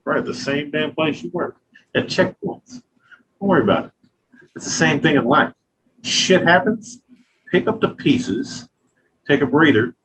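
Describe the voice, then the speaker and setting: A man's voice: fairly high pitch, lively intonation, a little slow, long pauses, fairly bright tone, breathy edge, low-quality recording. A man in his thirties, a glass artist, talking casually and profanely in an interview, telling stories with lots of filler phrases. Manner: profane, loose, storytelling with acted quotes.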